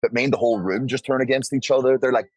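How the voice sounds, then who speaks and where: A man's voice: medium pitch, rapid-fire, no room sound, poor audio. A man telling a wild story on a podcast, acting out the voices and swearing freely. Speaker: podcast guest. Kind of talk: casual storytelling. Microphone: podcast studio mic.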